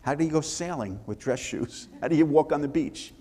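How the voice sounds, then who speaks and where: An older man, an author, telling lively anecdotes with restarts in a live interview before an audience. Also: on the high side, fairly quick. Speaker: author and former congressman. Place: synagogue hall before an audience. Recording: long reverb of a hall.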